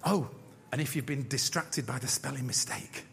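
A man preaching a sermon as pastor, animated, acting out voices, with jokey asides. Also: medium pitch, moderate pace, gravelly, background noise. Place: church. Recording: church hall with long reverb.

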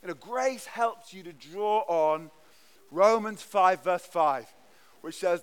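Slow, earnest high-voiced preacher man. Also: clear, resonant tone. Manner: earnest, emphatic delivery with frequent stammered restarts. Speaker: pastor. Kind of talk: sermon. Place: church.

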